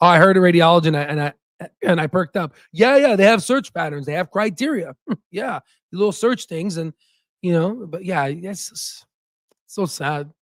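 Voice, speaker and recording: A man's voice: high voice, expressive, normal speed, no echo, studio quality. A man hosting a casual stock market livestream, talking in a heated, rambling way and tagging his points with "right?". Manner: heated and ranting, with frequent "right?" tags; rambling with restarts and self-corrections.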